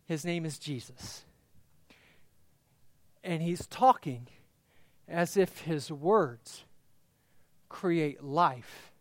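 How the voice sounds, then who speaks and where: A man preaching a sermon as a pastor, swinging between quiet, drawn-out phrases and loud, rising passages. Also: fairly high pitch, no echo. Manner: impassioned, building from hushed to loud.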